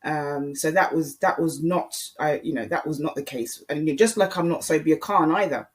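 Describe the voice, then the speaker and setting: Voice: mid-range voice, moderate pace. A YouTube commentator giving a casual, opinionated monologue and speaking directly to viewers and other creators.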